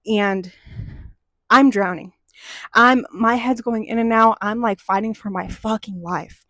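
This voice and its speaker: A young woman hosting a chat show, telling a childhood story in a casual, animated way and swearing freely as she gets heated. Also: mid-range voice, unhurried, no echo.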